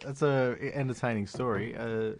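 A man's voice: mid-range voice, fairly even intonation, normal speed. A man hosting an interview, asking questions in an easygoing, amused way. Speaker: podcast host.

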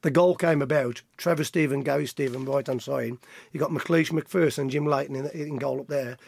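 A middle-aged man, a guest telling an animated anecdote and acting out the voices of others. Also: medium pitch, moderate pace, vocal fry. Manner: lively storyteller acting out quotes, laughs often. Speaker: guest, former footballer.

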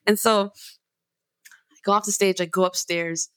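A woman musician telling a story in casual talk, animated, emphatic and full of swearing. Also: medium pitch, moderate pace, smooth, dry recording. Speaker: singer and guitarist.

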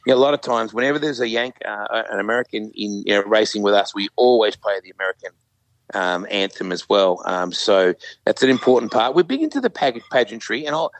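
A man's voice: on the low side, a little fast, no echo, low-quality recording. An Australian man in his fifties, a guest in a casual interview, telling stories with lots of fillers. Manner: animated storyteller, frequent fillers.

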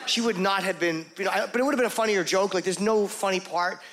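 A middle-aged man telling a crude, self-mocking story in stand-up comedy, rambling and animated. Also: high-pitched, fast talker.

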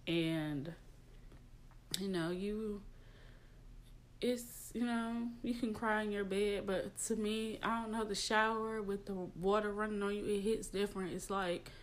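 Slow-talking woman confiding about grief. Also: mid-range voice, fairly even intonation. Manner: emotional, confiding, many "like" fillers. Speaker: podcast host. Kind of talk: casual personal podcast talk.

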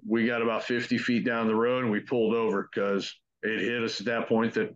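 Young man, mid pitch, loose profane storytelling, lo-fi muffled recording. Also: fairly even intonation, a little fast. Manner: profane, conversational, acts out quotes. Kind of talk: casual spoken ghost story. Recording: dull lo-fi recording.

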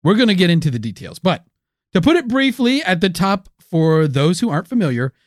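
A man co-hosting a comedic podcast, reading history notes quickly with jokey asides. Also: sits high, big pitch swings, dry recording, clean studio sound. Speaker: podcast co-host. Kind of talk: casual comedic podcast chat.

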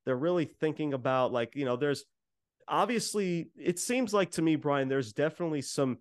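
A man's voice: on the high side, animated, normal speed, no room sound, studio quality. A man on a podcast casually recapping a wrestling show, rambling with many fillers and acting out what was said. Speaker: podcast co-host.

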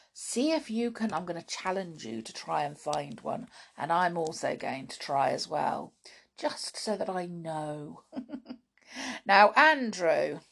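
A woman's voice: fairly low pitch, creaky. A British woman hosting a children's podcast, chatting playfully to young listeners about riddles and fun facts, often laughing.

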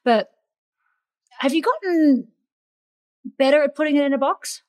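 Teasing higher-voiced woman interviewer. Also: animated, darkish tone. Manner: quick, teasing, playful questions. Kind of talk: casual interview chat.

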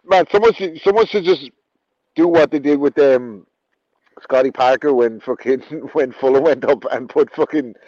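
A man's voice: mid-range voice, normal speed, mellow, no room sound, muffled recording. A man co-hosting a casual podcast, ranting in a sweary, mocking way and laughing as he goes. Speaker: podcast co-host.

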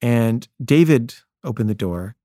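A filmmaker recounting a personal anecdote in an earnest way, often stumbling into restarts mid-sentence. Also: male voice, mid-range voice, lively intonation, measured pace, dark tone, dry recording, studio quality. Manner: earnest, with frequent stammered restarts.

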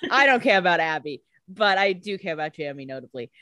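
A woman's voice: lowish voice, expressive, fast talker, sharp tone, no room sound. A woman co-hosting a podcast, chatting about a TV show in a blunt, sarcastic way, swearing casually. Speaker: podcast co-host. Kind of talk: casual recap chat.

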